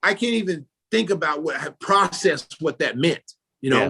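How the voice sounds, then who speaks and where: A man's voice: normal speed, creaky, slight background noise. A middle-aged American man, a former basketball player turned announcer, telling stories in a casual interview and acting out the people in them. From United States. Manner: animated storyteller, acts out quoted people with jumps in pitch and loudness.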